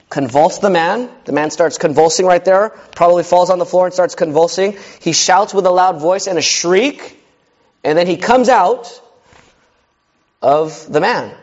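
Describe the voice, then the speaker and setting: A man's voice: on the high side, darkish tone, muffled recording. A male pastor preaching a sermon in a direct, conversational way, often putting questions to his listeners.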